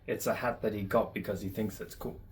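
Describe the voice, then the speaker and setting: A man chatting casually off to the side of a crochet video, soft-spoken with dry jokes. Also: lowish voice, fairly even intonation, a little fast. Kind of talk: casual chat.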